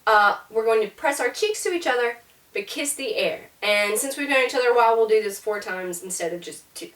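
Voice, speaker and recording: A woman's voice: fairly high pitch, expressive, a little fast, a bit bright. A woman teaching a beginner French lesson, explaining step by step with demonstrations. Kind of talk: casual classroom lesson. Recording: roomy echo, voice from a distance.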